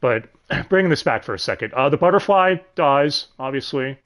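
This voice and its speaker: A man hosting a casual, profane review of an anime dub, sardonic and quick to laugh. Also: mid-range voice, expressive, fairly bright tone. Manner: sardonic, swears freely, laughs often.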